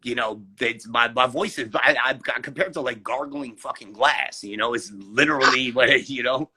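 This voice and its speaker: A man with a raspy, gravelly voice, talking loudly and excitably as a rapper guest in a casual interview. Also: mid-range voice, normal speed, heavy background noise. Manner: loud, excitable, profane storytelling with laughs.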